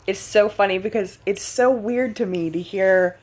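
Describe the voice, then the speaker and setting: A chatty woman from Idaho hosts a casual video-call conversation. She laughs often and slips into lively quoted voices as she tells stories. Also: medium pitch, normal speed. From Idaho, USA. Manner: chatty, laughing, animated retellings. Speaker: host.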